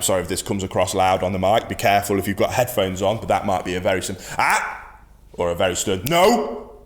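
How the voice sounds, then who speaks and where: A man teaching dog training, speaking in a firm, emphatic way and repeating his key phrases. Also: on the low side. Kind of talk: instructional talk to camera.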